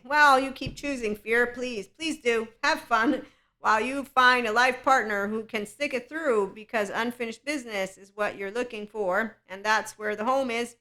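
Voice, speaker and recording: Woman doing a solo podcast, fairly high bright voice, rambly and laughy. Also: normal speed. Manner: animated, laughing often, rambling. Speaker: podcast host.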